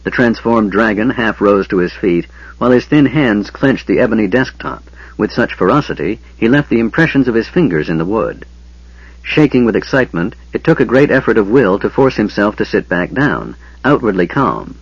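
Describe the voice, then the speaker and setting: A man narrating a fantasy novel as an audiobook reader, with expressive, varied delivery. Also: fairly low pitch, moderate pace, husky, no echo. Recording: dull lo-fi audio, dry.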